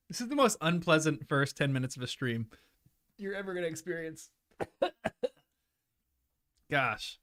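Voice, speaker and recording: A man's voice: fairly high pitch, animated, measured pace, long pauses, a bit bright, no room sound, clean studio sound. Chatty man hosting a casual livestream. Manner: rambling, chatty and apologetic. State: chewing food at times. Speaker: livestream host. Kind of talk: casual chat with live viewers.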